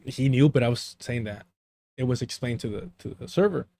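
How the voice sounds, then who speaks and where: With a mid-range, dark voice, some vocal fry, and a slightly fast pace, a man from the US–Mexico border region hosts a stream and tells his chat a long, rambling story. He slips in Spanish phrases and keeps losing his words.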